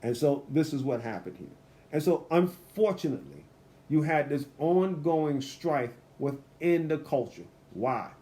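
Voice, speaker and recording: A man with a somewhat high voice teaches a Bible study in an easy, conversational way. He drops into quick character voices for the people he quotes, then slows right down and reads scripture with deliberate weight. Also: mellow.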